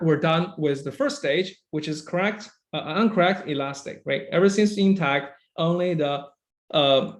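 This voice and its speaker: A man lecturing a university engineering class, who keeps checking understanding with "right?" and "okay?" and praises students by name. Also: fairly high pitch.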